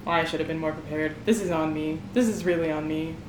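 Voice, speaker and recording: A young woman vlogging her live reaction to a book late at night. She is keyed up and excitable, swears freely, and drops between loud exclamations and hushed whispers. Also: sits low, fast, a little hiss or hum.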